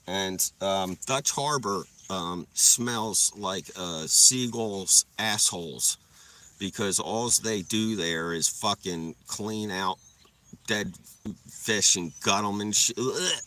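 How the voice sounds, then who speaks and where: A young man livestreaming to his viewers tells rambling stories packed with swearing, laughing at them as he goes. His voice is on the low side, pushed and bright.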